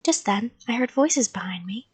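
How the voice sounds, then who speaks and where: Woman reading a kids book at bedtime, soft half-whispered breathy voice, a bit high. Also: expressive, normal speed. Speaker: storyteller.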